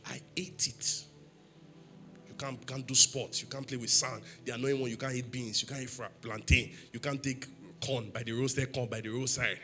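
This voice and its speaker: A man's voice: mid-range voice, little pitch movement, brisk, few pauses, sharp tone, faint music behind. A man preaching a sermon in church, emphatic, asking the congregation questions for them to answer. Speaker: pastor.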